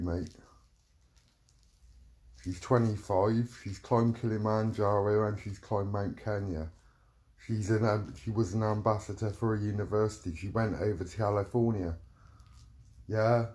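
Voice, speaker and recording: A man's voice: lowish voice, a little mellow. A middle-aged man delivering a heated, profane rant, repeating himself as he vents. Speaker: vlogger. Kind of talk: angry ranting monologue.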